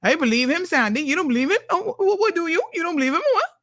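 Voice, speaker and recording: A woman's voice: very high voice, very animated, very fast, fairly bright tone, voice pushed up, heavily acted. A woman mimicking a gullible voter who insists a politician will keep his promise. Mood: incredulous.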